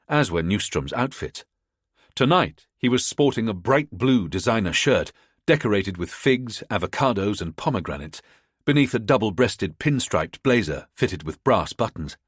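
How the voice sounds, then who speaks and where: A man narrating a spy thriller audiobook in a measured storytelling manner, close to the mic. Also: fairly low pitch, no room sound. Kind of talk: scripted narration.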